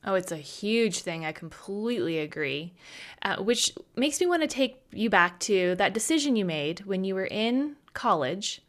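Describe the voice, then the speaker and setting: A woman's voice: medium pitch, sing-song, normal speed. A woman hosting a podcast interview, affirming her guest and then asking a question. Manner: supportive listener giving short affirmations. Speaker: podcast host. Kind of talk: interview chat.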